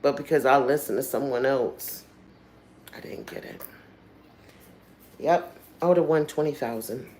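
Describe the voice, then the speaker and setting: A woman's voice: very deep voice, unhurried, long pauses, darkish tone, a little hiss or hum. A woman hosting a livestream, telling stories in a candid, earthy way with frequent swearing and trailing asides. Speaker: livestream host. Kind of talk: casual storytelling chat.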